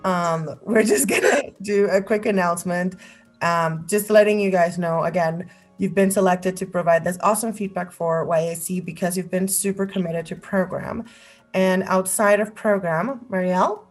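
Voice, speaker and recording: A woman's voice: fairly low pitch, normal speed, soft background music. A woman from the program staff making a casual, friendly announcement with a few "um"s.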